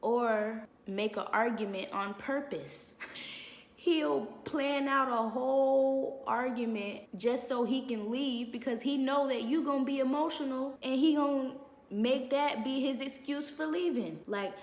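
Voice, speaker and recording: A woman's voice: high-pitched, a little slow. A woman giving blunt, sassy life advice in a casual talk, laughing now and then, recorded in an echoey room. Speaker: advice vlogger. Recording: echoey room with long reverb.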